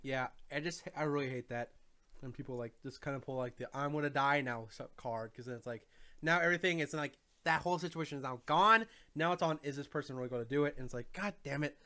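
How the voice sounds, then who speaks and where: A man co-hosting a casual stream, venting in a halting way with many fillers. His voice has a bright, edged tone of mild frustration throughout. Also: mid-range voice. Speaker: streamer co-host.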